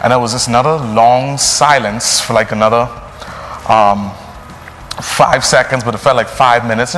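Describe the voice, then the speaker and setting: A man's voice: mid-range voice, moderate pace. Young man, priest, earnest storytelling in a mid-range voice; reverberant space, faint music. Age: young adult. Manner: earnest, animated with frequent fillers. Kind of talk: personal storytelling.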